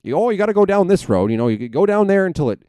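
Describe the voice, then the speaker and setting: A fussy older father talking someone through the back roads, turn by turn, as a man puts him on. The voice jumps well above the speaker's usual low register and lifts at the ends of phrases, patient and insistent. The pace is steady and careful. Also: very fast, no room sound. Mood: instructing. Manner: patient, step-by-step instructing. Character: older man giving driving directions.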